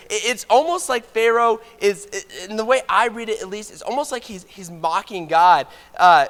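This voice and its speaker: A man's voice: high voice, unhurried, a bit bright, in a large hall. A man giving a conversational sermon as a preacher, informal with joking asides. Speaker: preacher teaching a Bible class. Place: church auditorium.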